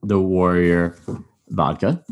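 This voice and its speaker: A man's voice: deep voice, steady tone, slow pace. A man hosting a podcast, chatting casually and rambling with many fillers and restarts. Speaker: podcast host. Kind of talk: casual chat.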